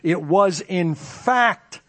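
High-voiced, slow-preaching man. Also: lively intonation, a bit bright. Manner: expository preaching with dramatic scripture reading. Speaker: pastor. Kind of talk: sermon.

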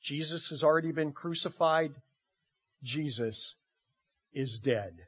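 A pastor delivers a sermon, his husky, slightly high voice swelling for emphasis and dropping low for asides. He leans on dramatic pauses. The recording is muffled and lo-fi. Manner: expressive, swinging between loud emphasis and quiet asides.

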